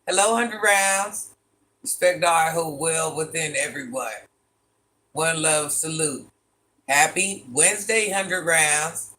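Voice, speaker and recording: A man, chatting casually on a livestream, animated and exasperated, firing off rhetorical questions and laughing often. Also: on the high side, takes it slowly. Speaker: livestream host reading chat.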